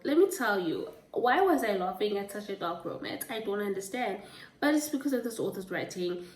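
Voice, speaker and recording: A chatty woman giving casual book reviews, rambling and stopping to correct herself. Her mid-pitched voice sits a little back from the mic, and the room around her is echoey. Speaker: book vlogger. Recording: roomy, distant from the mic.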